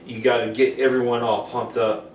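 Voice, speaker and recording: Speaking at a normal speed in a mid-range voice, a man co-hosting a podcast relates stories loosely and animatedly, imitating each person he quotes. The setting is an echoey room, with a distant microphone and faint noise.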